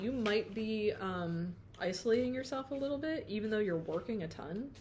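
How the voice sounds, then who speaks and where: A woman's voice: medium pitch, animated, moderate pace, few pauses, darkish tone, slight background noise. A woman doing a pick-a-card tarot reading, chatty and playful, often breaking off mid-thought and laughing at herself. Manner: chatty, self-interrupting, sings snatches of song.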